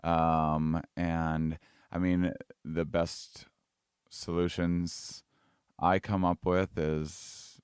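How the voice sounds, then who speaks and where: Man, podcast guest, very low voice, smooth clear tone, halting restarts, self-amused. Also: flat delivery, no room sound, studio quality. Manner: halting, repeats words, laughs at himself. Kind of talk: casual conversation.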